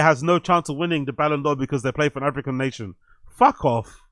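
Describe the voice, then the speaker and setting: A man's voice: fairly high pitch, fast talker, fairly bright tone, no echo. A man hosting a podcast, giving blunt, heated, profane reaction commentary on video clips.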